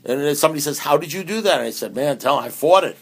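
A man's voice: fairly high pitch, animated, rapid-fire, breathy edge. A man speaks at a recovery meeting in a slightly raised voice, conversational and joking. He hammers his points with repeated phrases and often restarts mid-sentence. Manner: conversational, humorous, emphatic with restarts.

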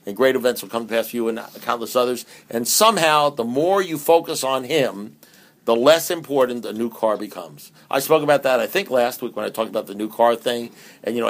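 A man giving a humorous, emphatic talk at a recovery meeting, with many restarts and repeated phrases. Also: medium pitch. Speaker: AA speaker.

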